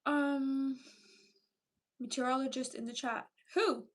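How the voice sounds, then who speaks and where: Reading out the chat on her livestream, this woman in her thirties from Romania chats casually with viewers, animated and heavy on fillers. Her accent mixes Romanian with Irish and London English. Her voice sits high, and her pace is moderate.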